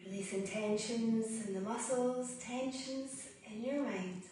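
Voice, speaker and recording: A woman guiding a yoga and breathing practice, speaking slowly and soothingly with long pauses between cues. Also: a little high, noisy background. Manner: slow, calm, soothing guidance with long pauses. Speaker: yoga teacher. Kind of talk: guided yoga and breathing instruction. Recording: roomy echo, voice from a distance.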